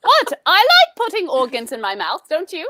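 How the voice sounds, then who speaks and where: A woman hosting a comedy show in character, gushing and theatrical, bursting with excitement. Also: high-pitched, brisk, no echo. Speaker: host.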